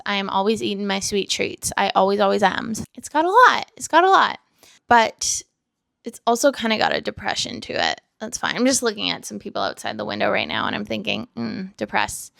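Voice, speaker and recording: A woman's voice: mid-range voice, a little fast, vocal fry, fairly bright tone, dry recording, studio quality. A young woman in her twenties from Vancouver, talking candidly and casually in a vlog indoors, full of "like" fillers and self-mocking asides. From Vancouver, Canada. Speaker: vlogger. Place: indoors by a window.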